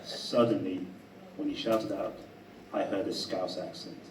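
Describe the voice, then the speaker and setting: A man telling a personal story to a live audience in a chatty, animated way, often laughing. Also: sits low, a little slow, echoey room, far from the mic, very noisy. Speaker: speaker at a live talk. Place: event room with an audience.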